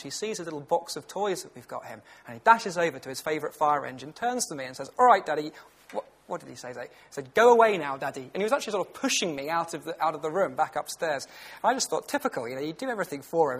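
A man's voice: fairly high pitch, gravelly, a bit bright, breathy edge. A British man in his thirties giving a lunchtime Bible talk in a conversational, earnest way, with personal stories. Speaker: preacher.

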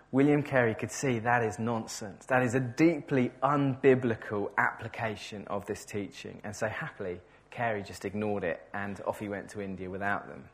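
A man preaching a sermon in a conversational way, often repeating words and correcting himself, enthusiastic about the passage. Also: mid-range voice.

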